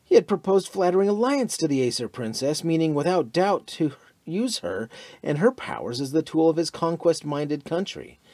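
Warm-voiced male audiobook narrator. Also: on the high side, normal speed, dry recording. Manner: expressive storytelling.

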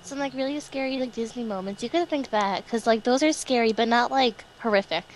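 A woman's voice: a little high, brisk, slight background noise. A young woman chatting playfully and casually with friends. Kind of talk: casual chat.

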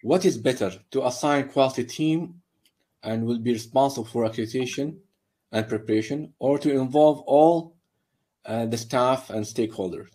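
A man's voice: medium pitch, normal speed, mellow. A man moderating a webinar, briefly and politely reading audience questions to panelists over a video call.

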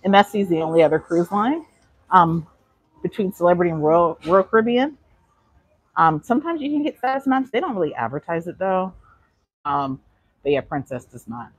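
A woman's voice: fairly low pitch, expressive, normal speed, breathy edge, no room sound, poor audio. A woman vlogger giving a chatty live walking tour of a cruise ship, answering chat questions, a little out of breath. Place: aboard a cruise ship, indoor decks.

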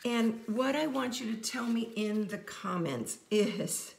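A woman's voice: a little high, expressive, slow pace, gravelly. A middle-aged woman teaching a casual card-making tutorial, chatty and playful as she jokes with her viewers.

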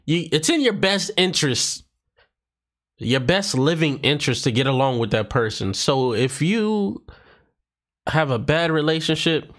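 A man's voice: fairly high pitch, lively intonation, unhurried, fairly bright tone. A man hosting a reaction video, casually commenting on a stand-up clip and repeating the lines he liked. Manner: chatty, repeats punchlines he likes.

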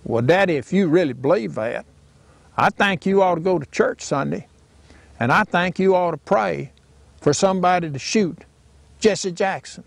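A man's voice: sits high, moderate pace, gravelly, no echo, pitched above the performer's own voice. A man doing a patient Alabama son. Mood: coaxing. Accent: Southern US, Alabama. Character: earnest Southern grown son, gently challenging.

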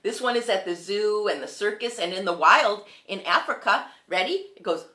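A woman's voice: mid-range voice, expressive, moderate pace. A woman hosting a children's music show, singing songs and teaching about animals, encouraging the kids as her friends. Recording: echoey room with loud guitar.

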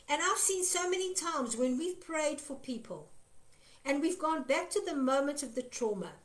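A woman's voice: sits high, animated, moderate pace. A woman minister giving an earnest devotional teaching, stressing her points by repeating phrases. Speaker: Christian minister.

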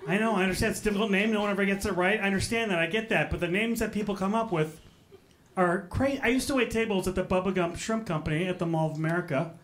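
A man's voice: high-pitched, fast, fairly bright tone. A young adult man doing a stand-up comedy set into a handheld mic on a club stage, with exasperated, mocking, punchy rants. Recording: comedy club with audience laughter.

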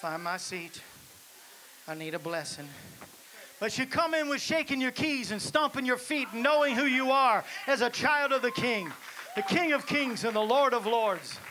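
A man preaching a lively sermon in a church, exhorting the congregation and building to shouts. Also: extremely high pitch, moderate pace. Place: church sanctuary. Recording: hissy live church recording.

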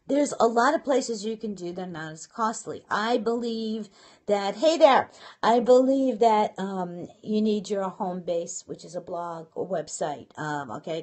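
Middle-aged new york woman doing a live stream from her home office, chatty, laughs a lot, says hi to everyone. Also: medium pitch. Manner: chatty, laughing, greets viewers by name. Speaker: livestream host. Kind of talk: casual live-stream chat.

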